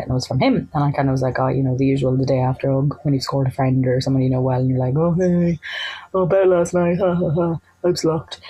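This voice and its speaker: An Irish woman telling a personal anecdote in a chatty, animated way, acting out the lines of the people in it. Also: rumbling low, vocal fry, breathy edge, rough recording. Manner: chatty, animated, acts out quoted dialogue. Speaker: storyteller.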